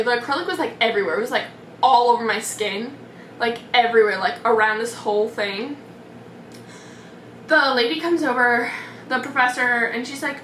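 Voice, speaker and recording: A woman's voice: high-pitched, pushed and bright, a little hiss or hum. A young woman telling a storytime vlog in a chatty, dramatic way, full of "like" fillers. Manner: chatty, dramatic, many "like" fillers, mimics voices. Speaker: vlogger. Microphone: camera mic. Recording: echoey room, slightly far from mic.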